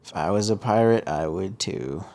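A man's voice: sits low, lively intonation, normal speed, darkish tone. A man co-hosting a casual podcast, joking and asking puzzled questions as he reacts to what he watches. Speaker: podcast co-host. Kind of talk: casual watch-along chat.

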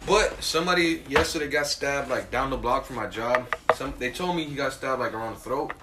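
A man's voice: medium pitch, a little fast, very noisy. A man co-hosting a casual podcast, telling stories in a profane, ranting way. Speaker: podcast co-host. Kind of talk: casual chat.

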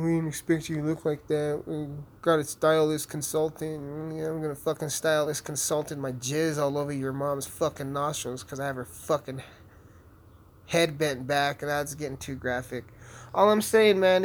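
A young man hosting a podcast, rambling brashly and swearing constantly while he plays a game. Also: on the high side. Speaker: podcast host. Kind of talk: casual profane monologue while gaming.

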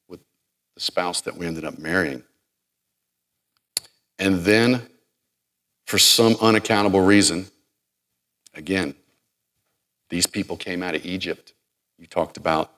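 Deep-voiced male preacher, dramatic delivery. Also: normal speed, long pauses. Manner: dramatic, acts out quoted speech, varies loudness widely. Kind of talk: sermon.

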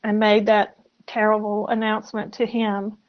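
A woman in her sixties from South Carolina, a podcast guest telling a personal story in a soft, halting, reflective way. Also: medium pitch, monotone. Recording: muffled lo-fi audio.

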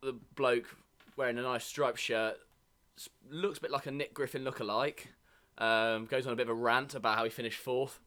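A man's voice: mid-range voice, fairly even intonation, moderate pace, sharp tone. A man from England co-hosting a casual podcast, rambling with many ums and restarts. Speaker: podcast co-host. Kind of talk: casual banter.

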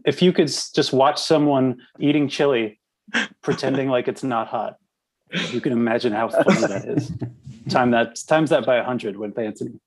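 A man's voice: medium pitch, rough recording. Man telling a laughing anecdote. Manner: animated, laughing through anecdotes. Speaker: podcast guest, former band member. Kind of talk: casual storytelling chat.

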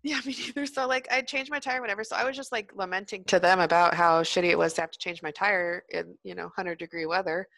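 A woman's voice: on the low side, steady tone, fast, gravelly, hardly any pauses, a bit bright, no echo. A young adult woman, a former prison teacher, telling blunt, profane stories in a casual podcast chat.

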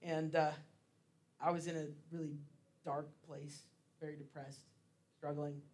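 A man's voice: on the high side, level tone, measured pace, a little mellow. A man giving a casual sermon as pastor, chatty and laughing often, with plenty of fillers.

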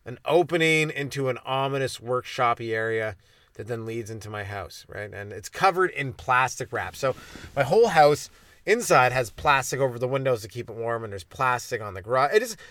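A man who is a stand-up comedian, hosting his podcast in a rambling comedic monologue, stumbling over his words and mocking his own dark jokes. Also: mid-range voice, animated, normal speed, dry recording. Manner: self-deprecating, stumbling and restarting, dark jokes.

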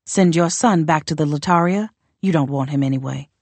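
A woman reading as a proud northern warrior queen lays out terms in a low, formal voice. She sounds measured and coolly contemptuous, close and dry with no room around her, an audiobook figure. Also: a little mellow, dry recording. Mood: cold, demanding.

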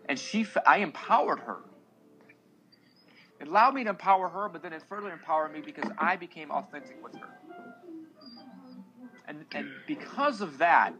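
A man's voice: a little high, noisy background. A man in his thirties, a single father on a podcast, talking earnestly and emotionally to other men. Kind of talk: casual podcast talk.

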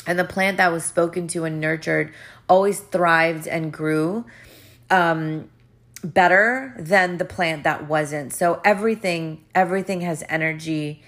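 A woman's voice: fairly low pitch, measured pace, a bit bright. A woman hosting a podcast as a life coach, talking earnestly and with emphasis, often repeating her phrases. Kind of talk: motivational podcast monologue.

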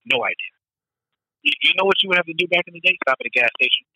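A man in loose, animated casual chat who acts out his own nervous thoughts and swears freely. His voice is bright and forceful. It is recorded dry and close, with no room sound. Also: fairly high pitch, very fast, dry recording, rough recording.

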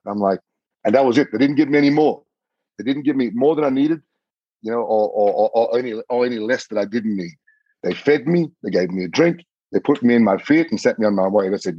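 A man, a podcast guest, telling a story in an earnest, animated way. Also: on the low side, quick pace, slightly rough, no room sound, muffled recording. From Australia. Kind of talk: storytelling in conversation.

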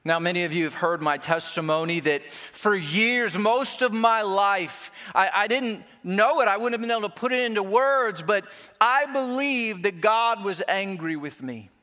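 A man's voice: sits high, moderate pace, bright, forceful tone, long reverb tail. A man preaching a sermon as pastor, conversational and self-deprecating, with playful asides to the congregation.

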